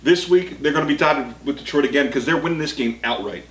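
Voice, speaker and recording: A man's voice: a little high, fast talker, a bit bright. Blunt joking man in an echoey room. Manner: blunt, joking, stumbles and restarts. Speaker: co-host of a sports picks show. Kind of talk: casual sports betting chat.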